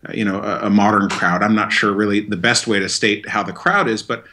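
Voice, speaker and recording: A man's voice: on the low side, fairly even intonation, fairly quick, sharp tone, slight background noise. A man from Vermont, a DJ guest on an interview show, talking in an easygoing, hesitant way with fillers. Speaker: guest, wedding DJ. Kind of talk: casual interview chat.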